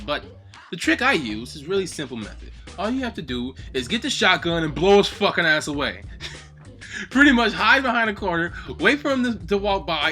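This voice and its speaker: A man hosting a gaming video, giving an excitable, heavily profane casual ranking commentary. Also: on the high side. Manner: acts out game lines in loud bursts.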